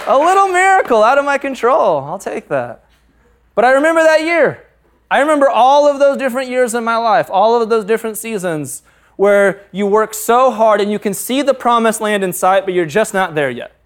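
A man's voice: very high voice, expressive, normal speed. A man in his thirties, a pastor, preaching a sermon through candid, humorous personal stories. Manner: candid, humorous storytelling with frequent laughs.

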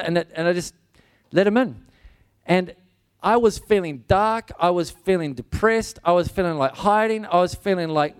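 A man's voice: sits high, moderate pace, clear, resonant tone. A man preaching a sermon, telling a personal story in an earnest, conversational way with frequent restarts.

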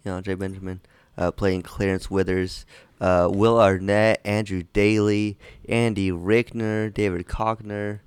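A man's voice: on the low side, level tone, unhurried, hardly any pauses, clear, resonant tone, dry recording. A man co-hosting a casual movie podcast, loose and joking, often stumbling over his words. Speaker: podcast co-host.

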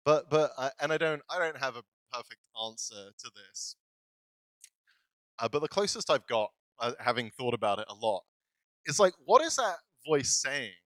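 A man's voice: mid-range voice, animated, normal speed, fairly bright tone, dry recording, rough recording. A male pastor giving a casual, self-deprecating sermon, laughing often as he talks. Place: church.

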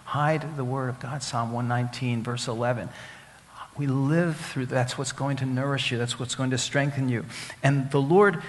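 A rabbi preaches a sermon, teaching Hebrew words, questioning the congregation, and repeating key phrases for emphasis. His medium-pitched voice holds a steady tone at a moderate pace, with long hall reverb on the recording.

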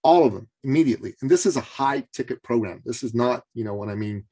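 A man sits in as a guest and tells a story in a casual, animated way. He often stumbles and restarts his words, in an ordinary mid-range voice. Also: mid-range voice, fast. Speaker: podcast guest, coach.

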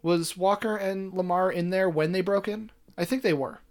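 A man co-hosting a podcast, recapping a TV episode in loose casual chat, rambling with lots of fillers and animated asides. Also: sits high, moderate pace. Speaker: podcast co-host.

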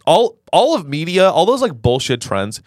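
Male comedy podcast co-host, lively intonation, deadpan delivery, dry studio mic. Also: a little high, normal speed, no room sound. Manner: deadpan, ironic jokes. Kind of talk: casual comedic chat.

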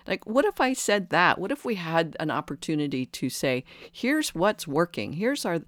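Podcast host, mid-pitched voice, earnest and searching, reflective monologue, dry close recording. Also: big pitch swings, normal speed, fairly bright tone, no room sound. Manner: earnest, searching, many restarts.

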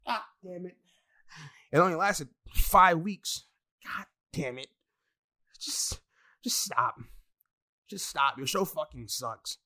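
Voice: mid-range voice, lively intonation, takes it slowly, long pauses, bright, forceful tone. A wrestling fan in a casual, profane rant full of exasperated asides and heavy swearing.

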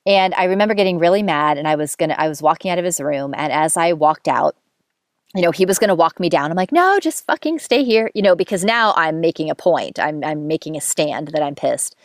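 A woman with a lowish voice talks through a personal story in casual monologue. She is candid and self-mocking, and she swears freely. The sound is dry and close, with no room echo. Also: brisk. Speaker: podcast host telling a dating story.

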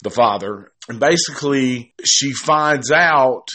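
A man's voice: medium pitch, slow pace, bright, forceful tone, a little hiss or hum. A man giving a casual, rambling film review, cursing freely and restarting his sentences often. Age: adult. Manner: rambling and profane, with many restarts. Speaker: movie reviewer.

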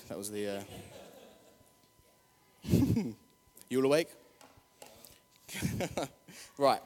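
A man delivers a loose, humorous sermon, chatting with the crowd and getting them on their feet. His mid-range voice carries through a church hall with a long, lingering reverb. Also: medium pitch. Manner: jokey, chatty, crowd-rousing. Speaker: preacher. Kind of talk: casual sermon.

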